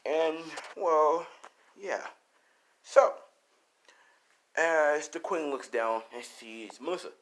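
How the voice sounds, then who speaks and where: A man's voice: fairly high pitch, lively intonation, takes it slowly, long pauses, a bit bright, a little hiss or hum, rough recording. A man casually retelling a fan-made story, rambling, with fillers and swearing. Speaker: channel host.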